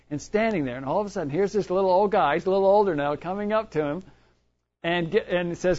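A man with a high voice preaches a sermon, telling stories in an easy, conversational way. He often stops and restarts his sentences as he goes. The recording is dull and lo-fi. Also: fast talker, a little mellow. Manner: conversational storytelling with frequent restarts.

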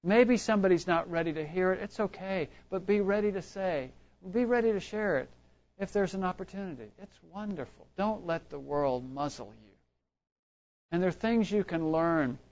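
High-voiced man preaching, lo-fi. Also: normal speed, darkish tone. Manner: conversational storytelling with frequent restarts. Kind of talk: sermon. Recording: dull lo-fi recording.

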